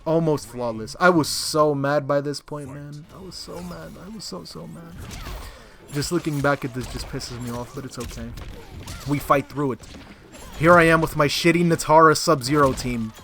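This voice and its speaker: A young man narrates his own fighting game match, his voice sitting a little high. He sounds frustrated and rants with plenty of swearing. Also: steady tone, normal speed, a bit bright, faint music behind. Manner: frustrated, profane, rant-like. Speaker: gaming content creator.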